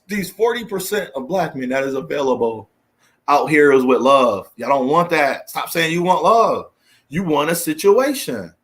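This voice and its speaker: A man, delivering a preachy, emphatic solo monologue as a commentary host, often climbing high in exasperation and repeating phrases. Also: fairly bright tone. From United States.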